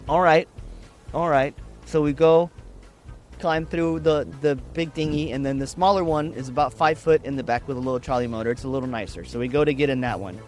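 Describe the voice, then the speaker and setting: A man's voice: mid-range voice, a little fast, faint music behind. A man from Texas telling a story casually, with wry, profane, laid-back humor.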